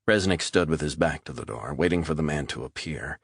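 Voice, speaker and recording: A man reading a thriller audiobook as narrator, steady and measured. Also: a bass voice, vocal fry, slightly rough, dry recording, clean studio sound. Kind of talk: scripted narration.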